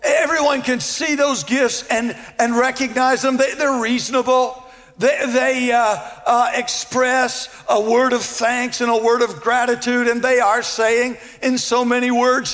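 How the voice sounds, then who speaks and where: High-voiced male preacher in a hall. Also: level tone, unhurried, a bit bright. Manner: earnest, emphatic with repeated phrases. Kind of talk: sermon. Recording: long echo of a large hall.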